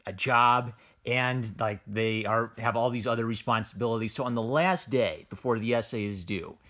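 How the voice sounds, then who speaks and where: A man's voice: mid-range voice, moderate pace, sharp tone. Rambling man reviewing comics casually. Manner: rambling, lots of fillers like "like" and "uh", frequent restarts, amused. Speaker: manga reviewer.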